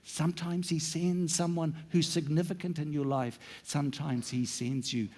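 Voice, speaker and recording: A middle-aged male pastor preaching a sermon in a church, sometimes dropping into hushed whispers for emphasis. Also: a little high, unhurried, vocal fry, hardly any pauses, breathy edge.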